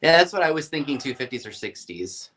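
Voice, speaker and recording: A man's voice: mid-range voice, fairly quick, background noise. A man co-hosting an antiques show, casually showing items one by one. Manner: relaxed, lively, shows items one by one.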